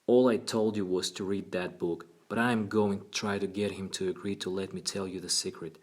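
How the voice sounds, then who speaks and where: A man's voice: sits low, fairly even intonation, brisk. A man voicing an earnest, persuasive woman psychologist in an audiobook reading.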